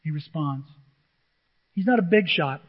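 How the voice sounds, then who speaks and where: A man's voice: fairly high pitch, animated, measured pace, breathy edge. A male pastor preaching a sermon with emphasis, often firing questions at the congregation. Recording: dull echoey church recording.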